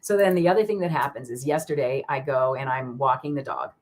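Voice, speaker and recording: A woman's voice: extremely low pitch, brisk. A woman hosting a live card-reading stream, talking in a rambling, chatty way with many fillers and restarts, greeting viewers by name. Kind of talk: casual live-stream chat.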